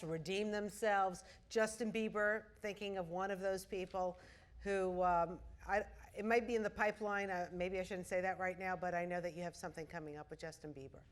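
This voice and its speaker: A woman's voice: medium pitch, moderate pace. Chatty playful woman interviewer. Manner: chatty, playful, laughs easily. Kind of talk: stage interview. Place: auditorium before a live audience.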